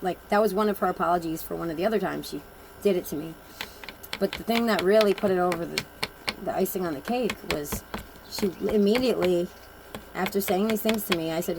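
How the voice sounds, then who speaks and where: A woman's voice: fairly low pitch, a little fast, gravelly, background noise. A woman giving a casual oracle card reading, telling personal stories in a blunt, rambling and emphatic way.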